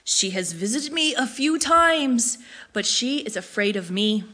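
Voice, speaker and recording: A woman voicing her elderly father, a proud and mischievous man with a deep, gravelly voice, speaking solemnly yet teasingly. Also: expressive, measured pace, sharp tone, exaggerated voice.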